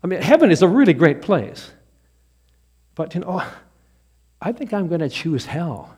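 A man's voice: on the high side, very animated, normal speed, a little mellow, slightly rough. Pastor playing a surprised woman at heaven's gate, emphatic. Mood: eager. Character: newly dead woman, eager and surprised.

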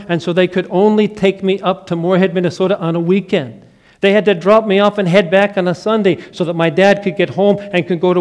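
A middle-aged man from the American Upper Midwest preaching a sermon as a personal story, dropping to a hush and then rising to emphatic lines. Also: high voice. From Upper Midwest of the United States. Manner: dramatic storytelling, swinging from hushed to emphatic. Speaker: pastor.

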